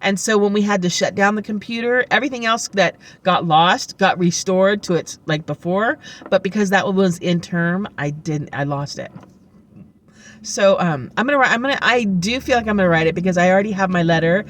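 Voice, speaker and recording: A woman's voice: mid-range voice, fairly quick, slight background noise. A woman vlogging to camera, telling chatty, rambling stories full of fillers, upbeat and heartfelt. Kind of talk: casual chat to camera.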